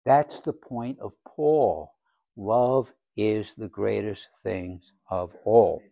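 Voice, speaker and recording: A man preaching a sermon as pastor, asking rhetorical questions and acting out little scenes, swinging between quiet and loud. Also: fairly low pitch, animated, slow, creaky, dry recording, lo-fi sound. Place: church sanctuary.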